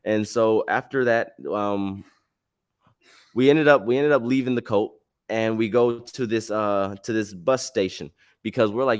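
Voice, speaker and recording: A man hosting a casual storytelling podcast, telling a travel tale in a slangy, rambling, animated way. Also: on the low side, measured pace, smooth, no room sound, studio quality. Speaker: podcast host.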